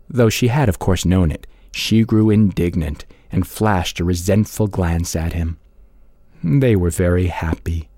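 A man reading a classic short story aloud with expressive, varied delivery. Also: sits low, unhurried, dry recording, studio quality.

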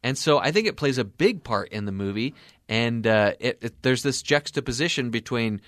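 A man co-hosting a casual movie talk show, playful and animated when telling stories. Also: mid-range voice, moderate pace, no room sound, clean studio sound. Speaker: co-host. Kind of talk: casual chat.

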